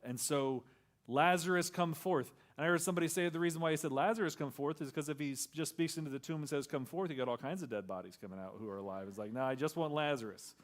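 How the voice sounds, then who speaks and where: A male pastor preaching a sermon in a conversational style, acting out quoted lines and dropping to a soft near-whisper on key words. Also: medium pitch, fast talker, hardly any pauses.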